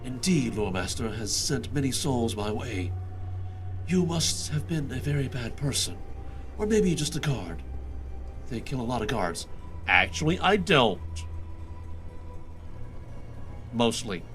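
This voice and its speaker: A man voicing a grim male reaper who speaks in slow, ominous pronouncements with deadpan humor, in a game quest fan voice-over. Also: mid-range voice, faint music behind, pitched below the performer's own voice. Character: grim male reaper, solemn and dryly wry.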